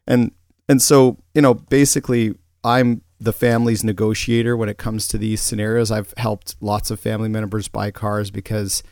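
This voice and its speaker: Here a man co-hosts a podcast, his casual chat rambling with frequent restarts and fillers. He has a lowish, slightly mellow voice, a flat delivery, and a moderate pace. The audio is clean studio sound with no echo.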